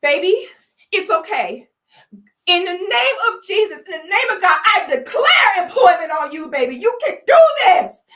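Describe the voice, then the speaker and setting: A woman voicing an overly doting girlfriend who sounds close to tears, squealing and shouting her reassurances. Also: very high-pitched, sing-song, moderate pace, pitched above the performer's own voice, heavily acted. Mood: fervent.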